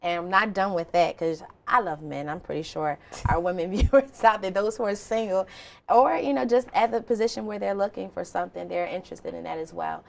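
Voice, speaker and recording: A woman's voice: medium pitch, a little fast, vocal fry. A woman hosting a TV talk show, interviewing a guest in an upbeat, welcoming way. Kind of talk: TV studio interview.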